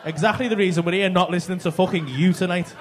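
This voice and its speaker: Man, stand-up comedian, teasing crowd work, very high voice, noisy live club. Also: fast. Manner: teasing, sweary, banter with audience members. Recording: live club with loud audience noise.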